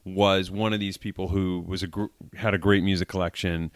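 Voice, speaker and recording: A man in his forties from Massachusetts with a faint Massachusetts accent, chatting as a podcast guest, telling stories in a relaxed, hesitant way with many fillers. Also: deep voice, a little fast, dry recording, studio quality. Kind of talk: casual chat.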